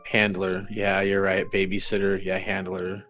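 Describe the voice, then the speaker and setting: A woman's voice: very deep voice, monotone, unhurried, fairly bright tone, faint music behind. A woman co-host in casual chat, making dry, teasing remarks.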